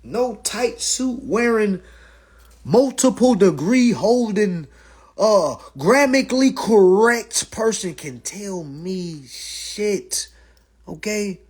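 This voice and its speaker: A man holds forth on a phone livestream, loose and profane. His voice sits high and swings widely in pitch, with a husky edge. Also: slow. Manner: animated, profane, mimics others' voices. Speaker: livestream host. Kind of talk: casual livestream rant.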